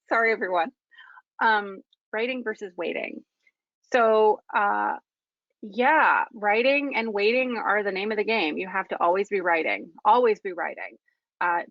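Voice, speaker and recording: A woman's voice: medium pitch, a bit bright, no room sound, lo-fi sound. A woman screenwriter presenting a webinar in a candid, conversational way, frank and self-deprecating, with plenty of fillers.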